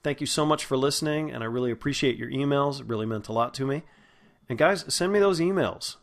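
Hosting an acting podcast, a dialect coach patiently teaches vowel sounds, demonstrating each one slowly. He has a mid-range voice with vocal fry.

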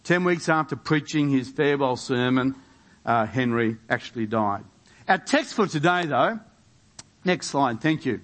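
A man's voice: medium pitch, expressive, measured pace, a bit bright. A man preaching a sermon in a church, building to emphatic rhetorical questions. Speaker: pastor.

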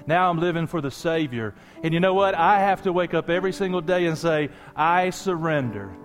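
A man preaching a sermon as pastor, animated and conversational, talking straight to his congregation with asides and jokes. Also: fairly high pitch, brisk, faint music behind.

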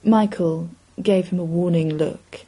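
A woman reading a short story aloud in an expressive, measured storytelling voice. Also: lowish voice, slightly rough, rough recording. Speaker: reader. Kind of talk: scripted story narration.

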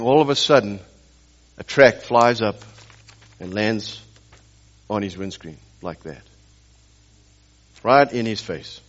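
A man's voice: on the low side, lo-fi sound. A man preaching a sermon as pastor, telling stories and pressing the congregation with rhetorical questions and emphatic repetition.

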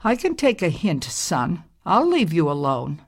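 A woman voicing Hina, a tired old island woman who is weary of work, speaking softly and gently, firm when pushed. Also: lowish voice, wildly swooping pitch, a little slow, husky, heavily acted. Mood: stung.

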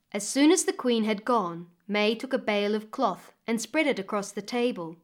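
A woman narrating a fairy tale expressively with dramatic pauses, as a storyteller reading a book. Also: mid-range voice, animated.

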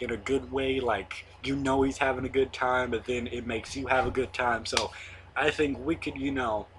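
A man's voice: medium pitch, a bit bright, slight background noise. A young man in his late teens hosting his own online show, rambling casually with lots of fillers and the odd swear word. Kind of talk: casual monologue to camera.

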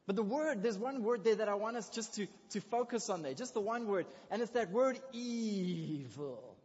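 A man preaching a sermon in a lively, conversational way, with excited asides. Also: high-pitched, a little fast, slightly rough. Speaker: pastor. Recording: dull lo-fi recording in a reverberant hall.

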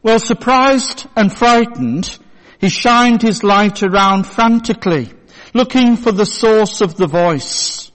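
A male pastor giving a sermon in a church, telling a story in a measured way. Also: high voice. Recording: long church reverb.

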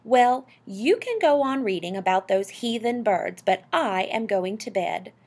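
A woman's voice: medium pitch, lively intonation, a little slow, a little mellow. A woman voicing a prim, fussy housewife. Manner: scolding, prim. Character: practical fussy housewife, middle-aged woman.

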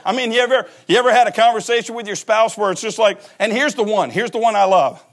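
A man's voice: high voice, quick pace, few pauses. A man in his forties, a pastor giving a humorous sermon and acting out little scenes as he laughs. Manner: joking storyteller who acts out voices and laughs.

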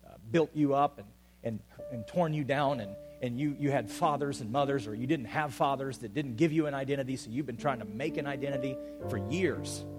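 Male pastor, sermon to a congregation, dynamic delivery from hushed to loud, faint music under. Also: medium pitch, fairly quick. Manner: swings between loud urgent calls and quiet intimate asides. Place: church hall with an audience.

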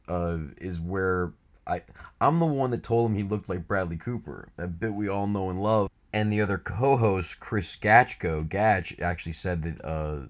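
Guy with a really low voice setting up clips, kinda halting, lots of uhs. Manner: halting, with fillers. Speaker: show host introducing clips. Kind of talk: reflective clip introduction.

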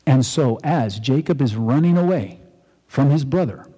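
Male pastor, casual storytelling sermon, warm husky tone, long hall reverb. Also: medium pitch, expressive, normal speed. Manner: conversational storytelling, acts out quotes.

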